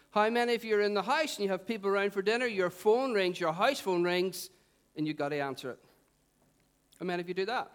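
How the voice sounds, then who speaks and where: A middle-aged man preaching a sermon, conversational and animated, putting questions to the congregation. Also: sits high, quick pace, clear, resonant tone. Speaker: pastor.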